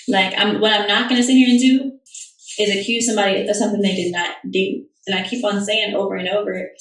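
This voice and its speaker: Speaking from a distance in an echoey room, this young woman answers fan questions on a livestream. She has a medium, slightly bright voice and keeps it chatty and meandering, with plenty of fillers and restarts.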